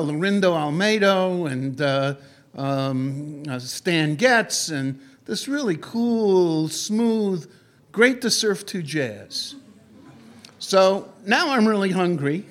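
A man with a high voice telling a personal anecdote. He talks animatedly and wanders, with frequent fillers and restarts. His storytelling is conversational and lively.

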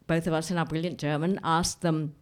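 A woman's voice: low-pitched, little pitch movement, brisk. A woman telling a personal anecdote in a vivid, dramatic way, often repeating herself. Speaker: storyteller.

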